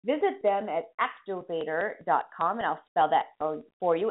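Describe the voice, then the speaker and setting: Woman radio host with a Boston accent, lively pitch, self-mocking and chatty, phone-line sound. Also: moderate pace, hardly any pauses, slight background noise. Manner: chatty, self-mocking, spells names aloud. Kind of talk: casual radio presenting.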